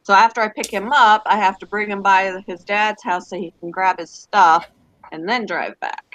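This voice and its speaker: A woman's voice: medium pitch, steady tone, moderate pace, a bit bright, no room sound, lo-fi sound. A middle-aged woman from Canada with a Canadian accent, rambling and laughing easily in casual voice chat. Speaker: voice chat participant.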